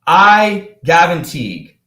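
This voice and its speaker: A young man coaching his viewers with energy and emphasis. His voice sits a little high for a man and rings in a roomy, echoey space. He pushes his key points hard, like a motivational talk to camera. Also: sing-song, takes it slowly, bright, forceful tone.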